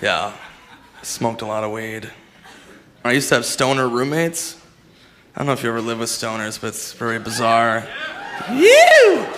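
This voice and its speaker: A man doing a stand-up routine on a club stage, with a laid-back, offhand delivery. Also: on the high side. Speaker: stand-up comedian. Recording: live set with audience noise. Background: audience.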